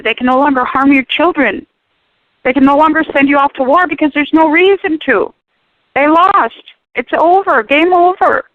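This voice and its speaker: High-voiced woman, fervent radio guest, preachy and emphatic, dry tinny phone sound. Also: no room sound. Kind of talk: animated talk radio discussion.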